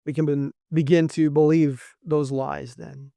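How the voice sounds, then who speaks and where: A man preaching a sermon as pastor, in a slow, measured delivery with frequent pauses. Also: on the high side, steady tone, creaky, mellow, no room sound, clean studio sound.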